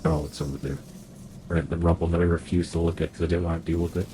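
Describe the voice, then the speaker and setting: A man's voice: low-pitched, monotone, fast talker, dark tone, slight background noise. A man playing through a video game, reading in-game journal entries aloud and joking about the game, recorded at a desk mic at home. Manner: reads in-game journals aloud, then quips. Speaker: game streamer. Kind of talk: let's play commentary.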